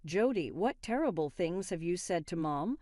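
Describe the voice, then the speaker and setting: A woman's voice: on the low side, lively intonation, moderate pace, warm tone, no echo, clean studio sound, natural voice. A woman voicing an angry young husband who talks bluntly and accusingly in a storybook narration.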